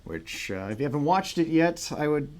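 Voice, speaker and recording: A man's voice: fairly high pitch, big pitch swings, moderate pace. A man hosting a live-streamed podcast from a studio, chatty, with filler words and self-aware jokes. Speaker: podcast host. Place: new studio with a green screen.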